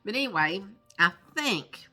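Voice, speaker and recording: A woman's voice: medium pitch, lively intonation, unhurried, pushed and bright. A middle-aged woman chatting casually to her phone camera, rambling with fillers as she shows off items. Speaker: vlogger. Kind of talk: casual show-and-tell chat.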